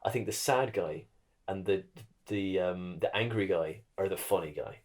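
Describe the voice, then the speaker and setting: A man's voice: deep voice, normal speed, a little mellow. A man hosting a podcast, chatting casually and riffing on jokes in an easygoing way. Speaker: podcast host.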